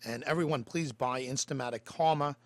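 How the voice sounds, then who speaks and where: A man's voice: mid-range voice, fairly quick, no room sound. A man hosting a talk show interview, effusive and complimentary toward his guest. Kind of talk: broadcast interview.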